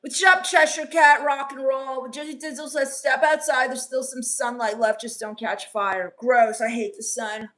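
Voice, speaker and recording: Woman doing a goth teen vampire, high-pitched, deadpan, sarcastic, scornful, live-stream comedy. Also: normal speed, hardly any pauses. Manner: deadpan, sarcastic, dismissive put-downs. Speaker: live streamer reading chat.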